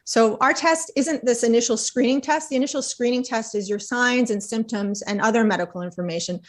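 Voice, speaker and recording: A Canadian woman scientist giving interview answers, explaining in a clear and measured way. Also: fairly high pitch. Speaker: researcher guest.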